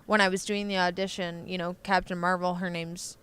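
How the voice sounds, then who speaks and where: A woman's voice: on the low side, little pitch movement, a little fast, fairly bright tone, smooth. A young woman from Michigan with a Michigan accent, an easygoing guest chatting on a podcast at a convention. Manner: easygoing, laughs readily. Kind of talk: casual chat. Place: convention floor.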